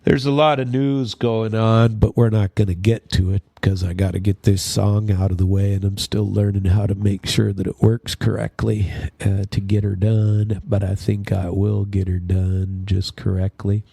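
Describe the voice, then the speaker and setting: A man's voice: fairly low pitch, flat delivery, normal speed, gravelly, warm tone, no echo. A man hosting his own radio show, rambling through news commentary with many fillers and restarts. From Minnesota. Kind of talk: casual news commentary monologue.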